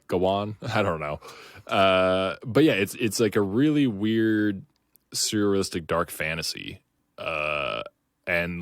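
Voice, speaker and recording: Deep-voiced yet fairly bright in tone, a podcast co-host chats casually and rambles, often using fillers and restarting his thoughts. It's recorded at studio quality with no room sound.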